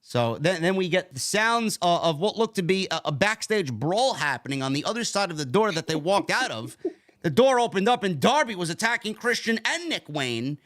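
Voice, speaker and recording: A man's voice: sits high, a bit bright. A man casually recapping a wrestling show, rambling and repeating words as he talks. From New York.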